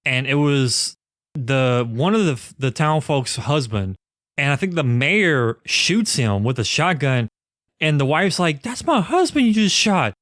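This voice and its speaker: In this casual movie review chat, a male podcast co-host walks through scenes from a cult film, swearing freely as he goes. He speaks slowly in a mid-range, fairly bright voice, and the audio is dry and studio quality.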